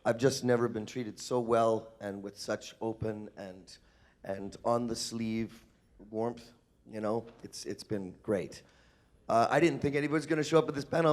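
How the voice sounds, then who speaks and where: A man's voice: medium pitch, fairly even intonation, moderate pace, darkish tone. A man talking to a convention panel audience, emotional and laughing, chatting with the crowd. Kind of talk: live convention panel talk.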